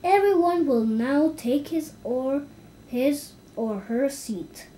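A woman reading aloud and voicing a small, prim male mouse playing schoolteacher, talking in a brisk, stern way. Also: high voice, expressive, warm tone, a little hiss or hum, pitched above the performer's own voice, low-quality recording.

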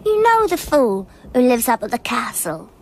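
A woman's voice: fairly high pitch, big pitch swings, normal speed, slight background noise. A woman voicing a dreamy, romantic young witch in a cartoon, a little flustered. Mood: wistful. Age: young adult. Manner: flustered, wistful. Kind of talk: animated cartoon voice acting.

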